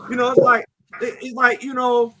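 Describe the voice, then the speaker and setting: Male sports show host: high, bright voice; animated, stammering repeats, acts out scenes. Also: moderate pace, low-quality recording. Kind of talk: casual sports talk show.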